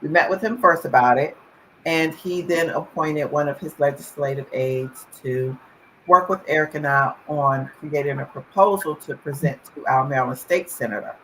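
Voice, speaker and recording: A woman's voice: low voice, normal speed, a bit bright, a little hiss or hum, rough recording. Earnest woman telling a personal story. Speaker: guest, mother. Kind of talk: storytelling in an interview.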